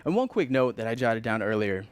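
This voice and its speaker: A man's voice: medium pitch, sing-song, a little fast, clean tone, no room sound. A man preaching a sermon in an earnest, conversational way, stressing points with rising emphasis.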